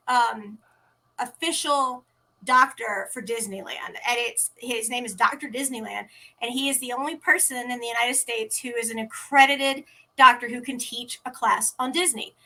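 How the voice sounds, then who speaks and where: A woman speaks as a guest in a relaxed interview, her voice bright and a little high. She tells stories with energy and slips into the voices of the people she quotes. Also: moderate pace. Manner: animated, acts out quoted dialogue. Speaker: interview guest, teen podcast organizer. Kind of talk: casual interview storytelling. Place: at home.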